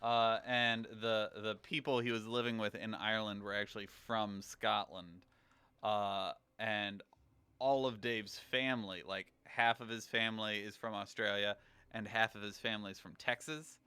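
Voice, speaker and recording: A man chatting casually as a game streamer on a livestream, rambling and thinking out loud. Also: on the low side, fairly even intonation, moderate pace, clear, resonant tone, dry recording. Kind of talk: casual livestream chat while gaming.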